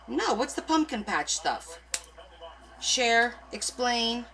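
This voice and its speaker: A woman's voice: fairly high pitch, big pitch swings, takes it slowly, creaky, pushed and bright, slight background noise. A woman hosting a live crafting stream, chatting casually and rambling as she answers viewers' comments.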